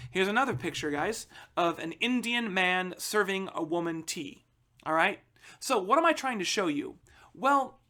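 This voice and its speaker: Animated man giving a history lecture. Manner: conversational, keeps addressing students as guys with frequent "all right?" checks; emphatic, lifts pitch and volume to stress key points. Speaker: history teacher. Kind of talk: recorded history lecture for students.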